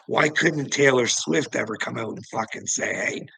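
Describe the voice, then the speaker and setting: A man talks in a loose, heated vlog rant, swearing often and chuckling between points. His voice is bright and forceful, yet gravelly with a husky edge. The sound is close and dry. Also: medium pitch, moderate pace, no echo, poor audio. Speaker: vlogger. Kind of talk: casual ranting monologue.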